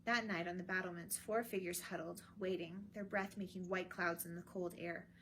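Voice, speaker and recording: A woman's voice: on the low side, normal speed, a little hiss or hum. Woman reading a storybook aloud. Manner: expressive, clear narration.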